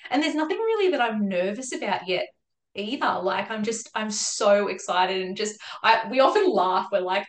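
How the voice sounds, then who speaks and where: A woman's voice: medium pitch, animated, normal speed. A pregnant woman with an Australian accent, a podcast guest talking casually, laughing often and acting out what people said. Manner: chatty, laughs often, acts out quoted talk. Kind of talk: casual chat. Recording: echoey room.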